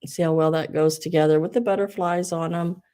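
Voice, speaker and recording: A low, mellow-voiced woman chats her way through a live online sale. She rambles, restarts her sentences and fills gaps with ums, and her breath is a little wheezy. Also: steady tone, fairly quick. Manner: rambling, many fillers and restarts. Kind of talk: casual live sales chat.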